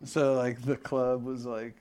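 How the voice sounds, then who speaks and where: A man's voice: medium pitch, level tone, measured pace, a little mellow, clean tone. A man chatting casually as a podcast co-host, rambling with lots of filler words and swearing. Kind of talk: casual chat.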